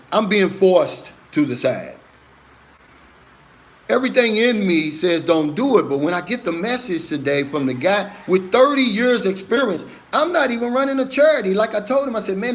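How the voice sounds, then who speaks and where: A man's voice: high-pitched, a bit bright. Earnest man hosting a live chat. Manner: earnest, emphatic, talks straight to viewers with "man" and "brother". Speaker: live stream host answering viewer comments.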